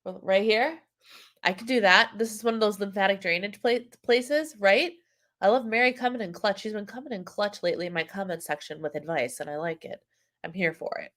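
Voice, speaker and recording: A wellness coach hosts a casual livestream, greeting viewers by name as she chats. Her medium-pitched voice is brisk and a bit bright, though a cold leaves it a little nasal and congested.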